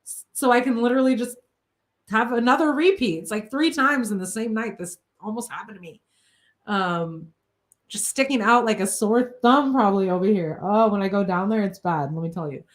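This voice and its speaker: Woman telling a personal story, animated. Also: medium pitch, normal speed. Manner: emotional, tumbling, filler-heavy retelling. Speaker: vlogger.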